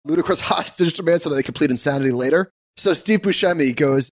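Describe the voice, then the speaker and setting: Male podcast co-host, playful and teasing, somewhat raised pitch. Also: fast. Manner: playful, teasing, animated storyteller. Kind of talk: casual chat.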